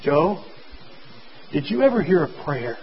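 A man voicing a gentle young doctor at a dying boy's bedside, speaking low and steady. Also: normal speed, dull audio, slight background noise. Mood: gentle, soothing.

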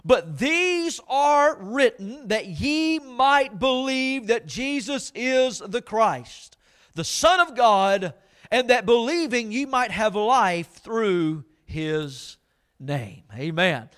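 A man preaching a sermon as pastor at a church service, fervent and emphatic, slowing down to read scripture with deliberate weight and asking the congregation for amens. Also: extremely high pitch, expressive, fairly bright tone, clear, resonant tone. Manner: reads scripture slowly and deliberately.

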